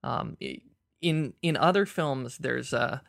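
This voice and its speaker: A man with a gravelly, creaky voice discusses films on a podcast. He thinks aloud, restarting sentences as he searches for words. The recording is dry and close. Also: mid-range voice, slow, dry recording. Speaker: podcast co-host. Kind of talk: casual film discussion.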